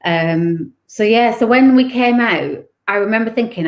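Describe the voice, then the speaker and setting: A woman's voice: on the high side, a little slow. Woman telling her own story, open and emotional, acts out what people said. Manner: candid, emotional, acts out remembered dialogue. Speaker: guest author. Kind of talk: personal storytelling in interview.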